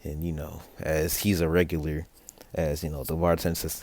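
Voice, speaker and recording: A young man tells a made-up fan story in a loose, rambling way, full of fillers and self-corrections. His voice sits very low and deep. The recording is dry and close. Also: flat delivery, normal speed, creaky, darkish tone, dry recording. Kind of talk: casual improvised storytelling.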